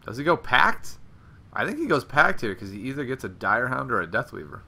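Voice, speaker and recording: A man's voice: medium pitch, very animated, fairly quick, vocal fry, pushed and bright. A man casting a live card game match, chatty and analytical, laughing often. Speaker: game commentator. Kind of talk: live esports commentary.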